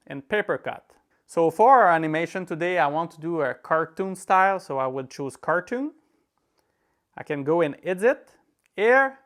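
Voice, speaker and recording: A man's voice: on the high side, a bit bright, clear, resonant tone. A man with a French accent, a native French speaker, hosting a screen-recorded app tutorial and walking through each step in an easygoing way with small laughs. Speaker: tech tutorial host.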